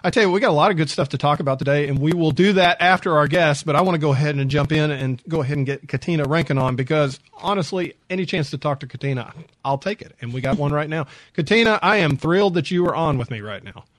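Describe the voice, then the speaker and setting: A man's voice: fairly high pitch, fast talker, hardly any pauses, no room sound. A man hosting an interview, talking in an easygoing, chatty way full of fillers. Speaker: host. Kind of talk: radio interview.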